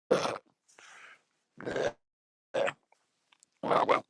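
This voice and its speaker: Gravelly, sweary streamer man. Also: lowish voice, animated, normal speed, background noise. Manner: sweary, mocking and blunt. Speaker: live streamer. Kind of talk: casual rambling live-stream chat.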